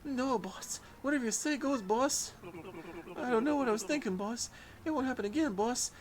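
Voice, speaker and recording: Nervous young henchman, mock New York accent, high and yelping, as a man does him, faint noise. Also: normal speed. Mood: fawning. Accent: mock New York gangster. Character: nervous young male henchman, eager to please.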